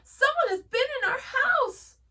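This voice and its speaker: A woman voicing a worried, medium-sized mama bear in a high, alarmed voice. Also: very animated, slow pace, full character voice. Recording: voice from a distance.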